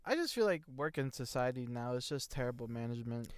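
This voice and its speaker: A man's voice: mid-range voice, lively intonation, clear, resonant tone, no echo, clean studio sound. Joking young man in casual podcast chat. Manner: joking, goofy, quick to laugh. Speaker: podcast co-host.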